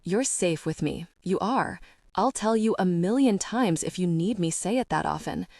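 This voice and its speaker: A woman's voice: fairly low pitch, animated, normal speed, no room sound, studio quality. A woman reading as a tender, protective man. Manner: soft, soothing reassurance.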